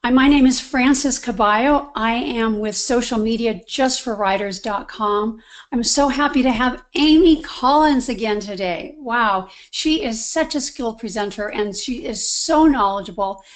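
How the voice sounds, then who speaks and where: A woman's voice: fairly high pitch, unhurried. Enthusiastic woman hosting a webinar. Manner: effusive, enthusiastic praise. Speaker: webinar host. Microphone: video call.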